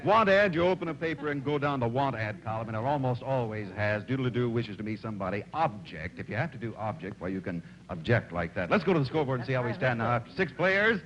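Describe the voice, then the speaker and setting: A man hosting a TV game show, quick and teasing, chatting with contestants and reeling off guest lists. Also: mid-range voice, lively intonation, fairly bright tone, dull audio. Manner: quick, chatty and teasing, rushing through names. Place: TV studio before a live audience. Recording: studio audience in the background.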